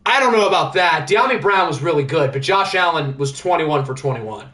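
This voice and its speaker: A man's voice: fairly high pitch, lively intonation, fairly quick, hardly any pauses, pushed and bright. Chatty male sim-league stream host. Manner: chatty, joking, thinks aloud. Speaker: livestream host. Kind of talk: casual sports sim commentary.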